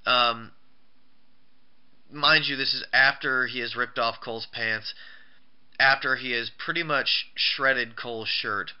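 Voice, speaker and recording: A man rambles through a casual recap of a show, stumbling over restarts and fillers. His voice sits at an ordinary pitch and sounds smooth. The recording is muffled and lo-fi. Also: fairly even intonation, slow pace, pauses often. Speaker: wrestling show reviewer. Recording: dull lo-fi recording.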